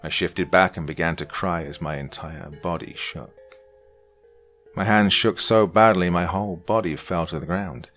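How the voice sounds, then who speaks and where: Brief: man, extremely deep and gravelly voice, reading a horror tale dramatically over faint music. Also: normal speed. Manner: dark, dramatic reading, dropping to hushed lines. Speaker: horror podcast narrator. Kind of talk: scripted horror story narration.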